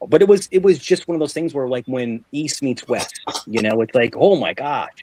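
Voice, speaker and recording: A man's voice: mid-range voice, animated, moderate pace, darkish tone. A man, hosting a live panel chat and rambling through stories with lots of fillers and restarts. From New York. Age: 40s. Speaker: show host.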